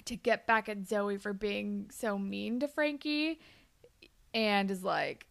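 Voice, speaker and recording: A young woman co-hosting a casual chat that recaps a TV show, talking fast with lots of "like" and laughing often. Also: medium pitch, vocal fry. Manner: chatty, lots of "like", laughs often, acts out characters' lines. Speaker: podcast co-host.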